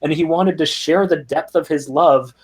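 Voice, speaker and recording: Slightly high-voiced man telling an anecdote. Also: moderate pace. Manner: animated anecdote teller, frequent ums and restarts. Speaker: guest. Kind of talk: conversational storytelling.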